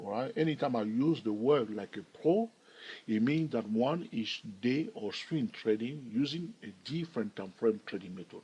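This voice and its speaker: Over poor audio, a husky, slightly mellow, medium-pitched voice walks through stock charts. He runs a trading channel, bantering with viewers as he teaches and often asking "all right?".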